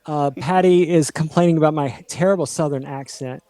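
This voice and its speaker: A man with a fairly high voice co-hosts a casual livestream, reading out viewer comments in a chatty, self-deprecating way. The sound is dry and close, with no room in it. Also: brisk, warm tone, dry recording.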